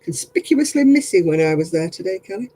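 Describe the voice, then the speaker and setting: Guy chatting on a craft stream, tired and yawny, mellow husky voice. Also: high voice, big pitch swings, fairly quick, dry recording, rough recording. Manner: chatty, rambling, laughs often. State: tired, yawning. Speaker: craft livestream host. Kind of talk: casual chat with viewers.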